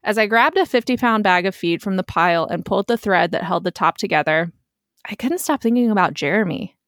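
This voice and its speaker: A woman's voice: medium pitch, a little fast, dry recording. Woman narrating a story, dry and close. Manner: steady, plain storytelling. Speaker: storyteller host. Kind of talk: first-person story narration.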